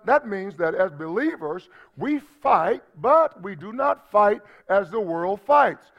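A man pastor preaching a sermon, asking the congregation for responses as he explains scripture. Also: sits high. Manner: preaching with call-and-response asides. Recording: dull lo-fi sermon audio.

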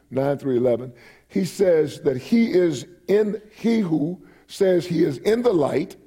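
A man's voice: on the high side, mellow, slightly rough. A man in his forties preaching a sermon while he has a cold, reading scripture aloud and repeating phrases for emphasis. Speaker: pastor.

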